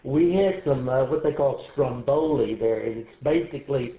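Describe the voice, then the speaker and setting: Ham operator, male, hesitant and filler-heavy, mid-pitched, tinny echoing radio sound. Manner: halting, lots of uh and um, restarts. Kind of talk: casual radio check-in. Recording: tinny, echoey radio transmission.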